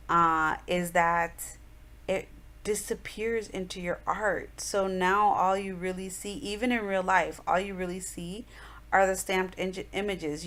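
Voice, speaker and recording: A woman's voice: on the low side, fairly bright tone. A woman in her thirties, chatting through an art journal tutorial in a rambling, casual voice-over with many fillers.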